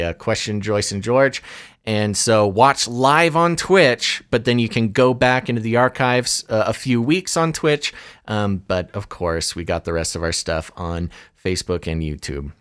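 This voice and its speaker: A man co-hosting a live-streamed news talk show, chatting loosely and reading articles aloud with quick asides. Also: fairly low pitch, a bit bright, clear, resonant tone.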